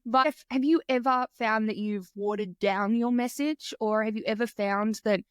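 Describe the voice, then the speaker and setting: A woman's voice: fairly high pitch, steady tone, moderate pace, clear, resonant tone, no room sound, studio quality. A woman hosting a podcast interview, enthusiastic and casual, swearing freely and acting out quotes. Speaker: podcast host.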